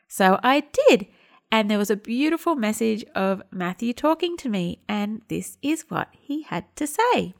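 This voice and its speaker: A woman's voice: fairly high pitch, expressive, moderate pace, vocal fry. A woman in her thirties hosting a podcast, telling a family story in a casual, chatty way and acting out the dialogue. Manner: chatty, acts out quoted dialogue. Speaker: podcast host and home detox teacher.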